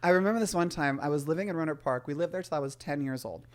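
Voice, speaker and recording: A woman in her forties speaks in a deep, low register. She is a guest on a talk show, telling candid stories from her childhood in an animated way. She slips into the voices of the people in her stories. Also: rapid-fire. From San Francisco area. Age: 40s. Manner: animated storyteller who acts out family voices. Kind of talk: candid conversational storytelling.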